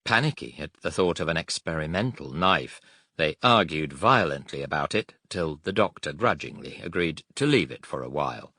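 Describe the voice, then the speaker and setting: A man reading a war audiobook in a measured, steady narration. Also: a bass voice, breathy edge, no room sound, studio quality.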